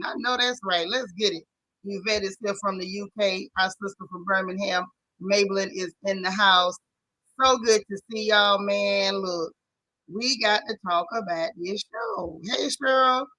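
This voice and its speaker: A woman's voice: medium pitch, pushed and bright, no echo, poor audio. A woman with a Southern US accent hosting a casual live recap chat, greeting viewers by name and talking with sassy slang. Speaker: show recap host.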